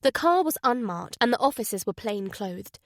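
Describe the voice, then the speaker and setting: A woman reading a thriller audiobook in an even, measured narration. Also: a little high, dry recording, clean studio sound. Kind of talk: scripted narration.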